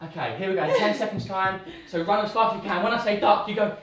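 A woman leading a playful home workout from her living room, calling out quick upbeat cues. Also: medium pitch, background noise. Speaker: fitness instructor. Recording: echoey room, distant mic.

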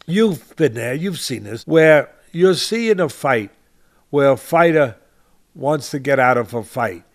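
An older man hosts a boxing podcast, his medium-pitched voice expressive and a little slow. He speaks with passion, repeating phrases to drive his points home and calling his co-host by name in impassioned commentary.

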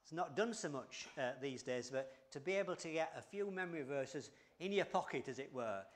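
An older man from England, a church leader, preaching a conversational sermon with many fillers and restarts. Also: on the high side.

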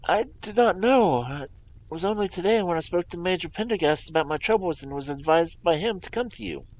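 A man reading aloud, voicing a frightened young man anxiously recounting his troubles in a halting, worried way. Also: high-pitched, voice pushed up, rough recording.

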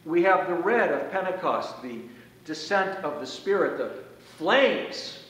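A man priest giving a conversational, folksy sermon, slowing down to stress key phrases, in a church sanctuary. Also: on the high side, big pitch swings, a bit bright. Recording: echoey church from far off.

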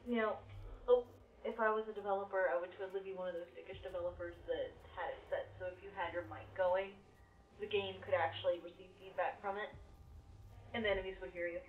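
A woman's voice: lowish voice, steady tone, quick pace. A woman chatting casually and playfully with a game streamer, asking questions along the way. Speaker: streamer's companion in the room. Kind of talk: casual chat. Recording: tinny phone-like sound with faint background hiss.

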